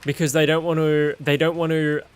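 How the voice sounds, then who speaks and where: Male game streamer, blunt and profane, opinionated rant, slightly high voice, faint game music. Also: level tone, fairly quick, clear, resonant tone. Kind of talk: casual gaming stream commentary.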